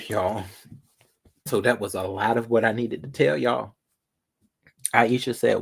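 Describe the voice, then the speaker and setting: A man talks straight to his viewers in a loose, sassy vlog rant. His delivery is dramatic, stretching words out for emphasis. His voice sits in an ordinary middle pitch. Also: slow, vocal fry, pauses often, fairly bright tone, breathy edge. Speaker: vlogger. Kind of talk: casual commentary to viewers.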